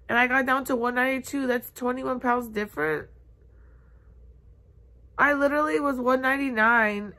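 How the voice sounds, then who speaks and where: A young woman in her twenties vlogging from bed, upset and near tears, talking haltingly with many fillers. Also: a little high, a bit bright. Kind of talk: confessional vlog. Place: bedroom, in bed.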